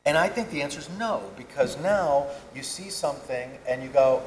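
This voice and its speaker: A man in his fifties spins animated, wandering anecdotes as a panel guest at a convention. His voice carries an echo from a large hall, with a faint murmur of ambience behind it. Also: mid-range voice, a little fast, slight background noise. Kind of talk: storytelling on stage.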